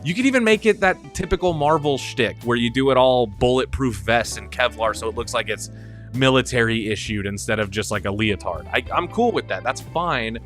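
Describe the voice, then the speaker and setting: A man's voice: mid-range voice, lively intonation, fairly quick, fairly bright tone, faint music behind. A young man hosting a live stream, rambling with enthusiasm and frequent laughs as he chats casually. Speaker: stream host.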